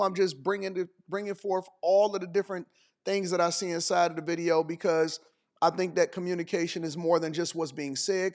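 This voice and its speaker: A man giving emphatic, preachy reaction commentary, firing off rhetorical questions and repeating phrases for emphasis. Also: high voice. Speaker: dating commentator.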